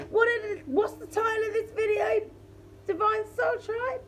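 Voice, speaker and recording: A woman's voice: extremely high pitch, steady tone, moderate pace, a bit bright, a little hiss or hum. A woman tarot reader chatting casually to her viewers, laughing often and talking straight to the audience. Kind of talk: casual tarot reading chat.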